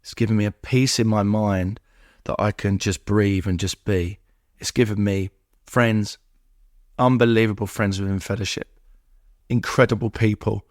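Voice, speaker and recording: A man's voice: lowish voice, steady tone, normal speed, a little mellow, no room sound, clean studio sound. A man talking as a podcast guest in an emotional, heartfelt conversation, earnest and repeating himself in rhythmic runs of words. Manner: earnest, repetitive, lists things in rhythmic runs.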